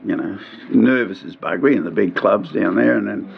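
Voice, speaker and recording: Australian bloke, gravelly voice, easygoing yarn-spinner on dull radio. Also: male voice, fairly low pitch, brisk, a little hiss or hum. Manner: laid-back, laughing storyteller. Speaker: actor and musician guest. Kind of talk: casual interview chat. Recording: lo-fi radio broadcast.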